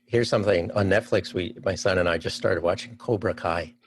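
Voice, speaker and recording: A man's voice: low-pitched, fairly quick, slight background noise. A man from Canada chatting as a podcast guest, enthusiastic and thinking aloud before he answers. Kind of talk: casual interview chat.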